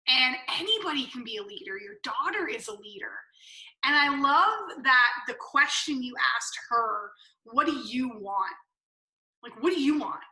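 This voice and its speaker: A woman's voice: high voice, bright, forceful tone, roomy sound, low-quality recording. A woman hosting a podcast, recapping her guest's points with emphasis. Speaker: podcast host. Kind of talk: casual interview chat.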